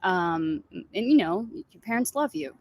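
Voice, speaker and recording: A woman's voice: mid-range voice, lively intonation, unhurried. A young woman actress being interviewed, chatty and laughing often, acting out what others said in her stories. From Egyptian heritage. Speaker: actress guest. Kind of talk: casual interview chat.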